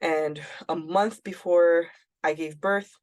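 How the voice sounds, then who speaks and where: A woman's voice: lowish voice, steady tone, takes it slowly, a little mellow. Blunt, candid woman telling her story. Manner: candid and blunt, often quoting herself with many "like"s. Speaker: podcast co-host. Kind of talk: casual personal storytelling.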